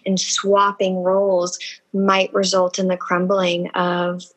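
A woman speaking earnestly and emotionally in an intimate podcast conversation, slow and deliberate. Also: lowish voice, monotone, rough recording.

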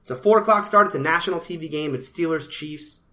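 A man's voice: a little high, fast talker, bright, forceful tone. A man hosting a sports talk show, ranting about his football team with frustrated, repetitive emphasis. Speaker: sports podcast host. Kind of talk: opinionated sports talk rant.

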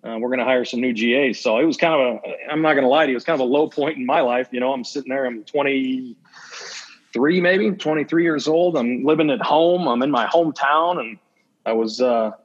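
A man's voice: mid-range voice, brisk. A man, a football coach, talking in a casual interview and acting out old conversations as he tells stories. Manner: candid, acts out remembered conversations. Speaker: assistant football coach, podcast guest. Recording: dull lo-fi audio.

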